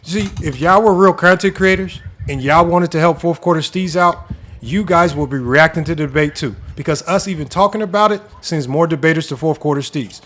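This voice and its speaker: A man's voice: on the high side, a bit bright. A man co-hosting a sports debate show, talking in a heated, indignant, repetitive way. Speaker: podcast co-host. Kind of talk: heated panel debate talk.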